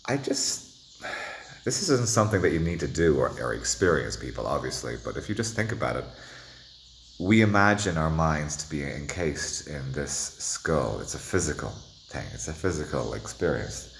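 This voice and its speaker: A man's voice: rumbling low, big pitch swings, moderate pace, slight background noise. A man vlogging in a meandering, self-interrupting monologue, playful and at times dropping to a whisper. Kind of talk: rambling monologue to the camera.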